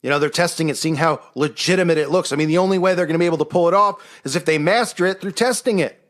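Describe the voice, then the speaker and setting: A man's voice: a little high, fast, a bit bright. A man hosting a casual monologue show, talking in a sarcastic, mocking way. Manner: sarcastic, mocking impressions of others. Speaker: host.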